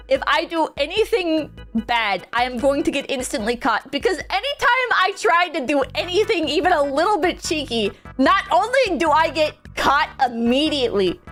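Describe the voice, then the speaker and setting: High-voiced woman telling a story on stream. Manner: animated, swears a lot, bursts into loud shouting and laughter.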